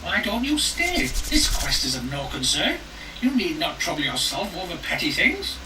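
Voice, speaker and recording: A man voicing a sly, lonely old crone who coaxes a traveler into staying, in a high put-on voice. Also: huge pitch swings, moderate pace. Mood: coaxing. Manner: sweet, coaxing, creepy. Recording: roomy distant mic, noisy.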